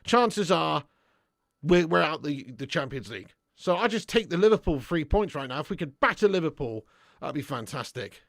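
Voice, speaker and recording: A football fan channel host runs a live stream, chatting casually and reading viewer comments aloud with blunt, upbeat banter that gets loud when he's hyping. His voice is a little high and gravelly, with big pitch swings and a normal speed. The studio sound is clean, with no room echo.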